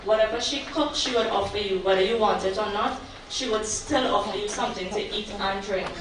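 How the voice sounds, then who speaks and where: Woman speaking a family eulogy, earnest and heartfelt, echoey and distant, with steady background hiss. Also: medium pitch, fairly quick. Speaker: granddaughter giving a eulogy. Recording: echoey distant livestream with noise.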